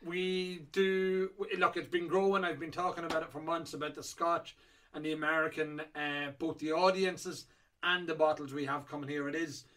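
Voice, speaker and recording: A middle-aged man chats loosely through a run of auction lots, circling back on himself with ums and uhs. His voice sits a little higher than most men's. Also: fairly even intonation, normal speed, fairly bright tone. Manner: rambling and chatty with many fillers. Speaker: whiskey auction host. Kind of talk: casual chat previewing auction lots.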